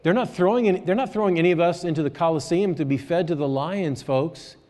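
A man preaching a sermon to his church, talking to the congregation in a conversational way that moves between quiet asides and raised exhortation. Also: fairly high pitch, quick pace, in a large hall. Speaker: pastor.

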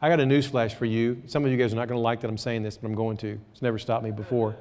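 A man preaching a sermon to his church, talking to the congregation in a conversational way that moves between quiet asides and raised exhortation. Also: medium pitch, flat delivery, rapid-fire, big-room sound. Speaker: pastor.

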